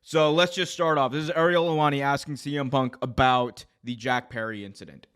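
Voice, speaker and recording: Guy hosting a pod, breaking down a clip he just played, middle pitch. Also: fairly even intonation, brisk, fairly bright tone, clear, resonant tone. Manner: explanatory, recaps what the guest means. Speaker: podcast host, commentator.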